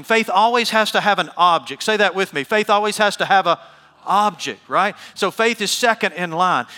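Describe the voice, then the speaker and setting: A man's voice: high voice, sharp tone, in a large hall. A man preaching a sermon, emphatic, asking the congregation questions and calling for responses. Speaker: pastor.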